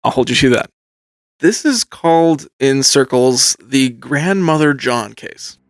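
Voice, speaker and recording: A male podcast host telling an eerie true story in a casual, animated way, building suspense with pauses. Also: medium pitch, no echo.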